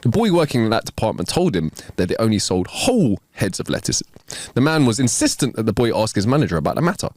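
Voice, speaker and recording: A man's voice: fairly low pitch, sing-song, fast, hardly any pauses, darkish tone, dry recording. Guy reading jokes on a podcast, voice jumps all over, dry room, laughs a lot. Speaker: podcast co-host. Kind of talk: casual joke-telling chat.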